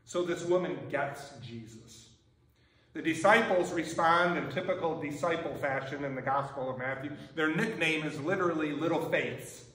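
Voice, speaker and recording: A man's voice: a little high, moderate pace, fairly bright tone, far from the mic. Conversational male pastor in an echoey church. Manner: conversational, often asks "right?". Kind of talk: sermon. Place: church sanctuary.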